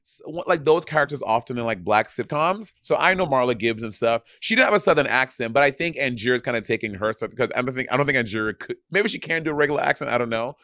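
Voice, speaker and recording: Fast and animated, this podcast co-host speaks in a medium-pitched voice with a bright, forceful tone. The casual chat rambles along with lots of restarts and fillers, captured at studio quality without echo.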